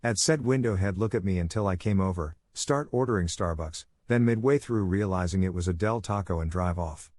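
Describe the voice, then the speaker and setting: A man's voice: low-pitched, a little fast, few pauses, a little mellow. A man narrating online posts as scripted stories, lifting his voice for quoted customers and workers.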